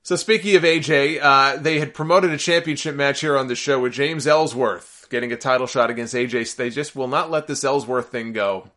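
A man's voice: mid-range voice, normal speed, hardly any pauses, sharp tone. A man hosting a solo podcast, giving sarcastic, opinionated commentary and getting exasperated and worked up. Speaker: podcast host.

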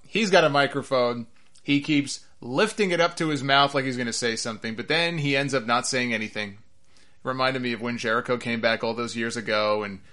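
A man giving opinionated solo commentary on wrestling, animated and sarcastic, repeating himself for emphasis. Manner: animated, rises in pitch when worked up.

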